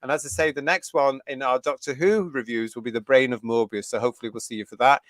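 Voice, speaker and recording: A man's voice: mid-range voice, steady tone, quick pace, no room sound, clean studio sound. A man from the UK hosting a fan review live stream, reading out viewer comments in a chatty, enthusiastic way and laughing often. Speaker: host of a fan review livestream.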